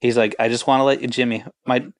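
40s guy in a band, chatty and rambling, smooth clear voice, dry room. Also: medium pitch, flat delivery, quick pace, no echo. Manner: rambling, laid-back, full of filler words. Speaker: touring band guitarist. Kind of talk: casual interview storytelling.

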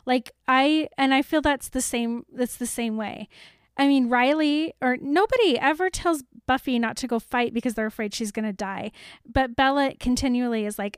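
A woman co-hosting a casual chat, animated and opinionated, laughing often. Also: sits high, moderate pace, clear, resonant tone, no room sound, studio quality.

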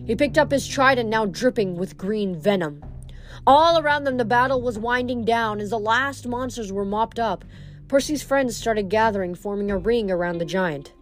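A woman's voice: fairly high pitch, moderate pace, faint music behind. Woman reading a novel aloud. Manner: plain reading with occasional stumbles and self-corrections. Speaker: audiobook reader.

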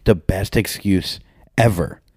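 Crude joking man, low voice. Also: slow, a little mellow, slightly rough, no echo, clean studio sound. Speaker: podcast co-host. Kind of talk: casual chat.

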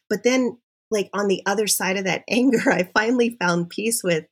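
A middle-aged woman, a podcast guest, telling her personal story in an animated, confessional way. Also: medium pitch, normal speed, breathy edge. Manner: animated and confessional, with self-interruptions.

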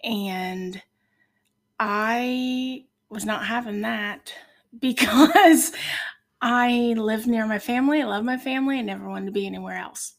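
A woman from Ohio, a podcast guest, tells her faith story in an earnest, heartfelt way with many pauses. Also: a little high, creaky. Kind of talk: personal faith testimony.

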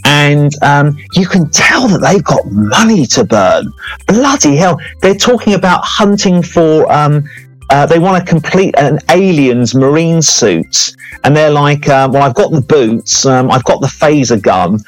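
A man's voice: fairly high pitch, measured pace, no room sound, faint music behind, poor audio. Rambling man hosting a podcast. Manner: rambling, apologetic, excitable. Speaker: podcast host and film reviewer. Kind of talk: casual comic chat.

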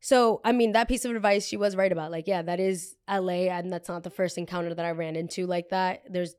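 A blunt, animated young woman from New Jersey hosting a casual storytime podcast. She swears freely and acts out what other people said. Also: lowish voice, a little fast, smooth. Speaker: podcast host.

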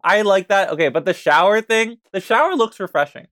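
A man guesting on a podcast in casual chat, animated with quick asides. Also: high voice, dry recording, clean studio sound.

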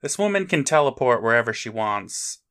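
Bright-toned wry guest. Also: male voice, medium pitch, very animated, moderate pace, clear, resonant tone. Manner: wry, sarcastic remarks. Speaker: podcast guest. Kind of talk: casual comedic banter.

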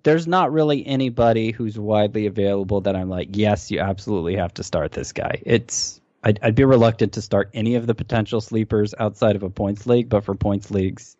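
Male co-host, mid-pitched, thinks out loud with restarts; dull, dry remote audio. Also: no room sound. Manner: hesitant, restarts often when explaining. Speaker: fantasy baseball analyst. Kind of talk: fantasy baseball podcast chat.

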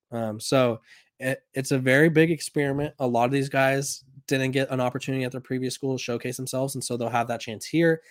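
A man's voice: medium pitch, no room sound. Guy with a slight southern accent doing a sports talk show, mid voice, rambly and casual, dry close mic. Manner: casual, rambling with restarts and fillers. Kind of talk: reading an article aloud and commenting.

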